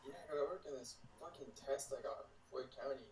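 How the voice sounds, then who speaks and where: A man's voice: mid-range voice, fast, reverberant, distant mic, a crowd in the background, low-quality recording. A man chatting casually as a guest on a stream, laid-back and swearing a lot. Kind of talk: casual chat over a call.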